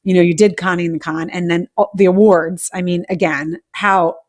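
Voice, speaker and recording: A woman's voice: fairly low pitch, steady tone, a little fast. Gushing woman hosting a live audio show. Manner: enthusiastic, filler-heavy, full of praise. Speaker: host.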